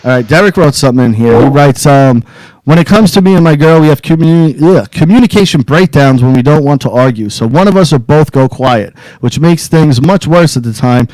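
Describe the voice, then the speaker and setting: Brash, cursing man with a higher voice. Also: animated, brisk, a little mellow, no room sound, poor audio. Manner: brash, swears freely, boastful. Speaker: podcast co-host. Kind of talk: casual advice chat.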